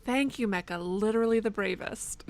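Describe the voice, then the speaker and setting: A woman's voice: medium pitch, moderate pace. A young woman streaming a game, talking casually with sarcastic, self-mocking jokes and snatches of song. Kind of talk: casual live-stream commentary.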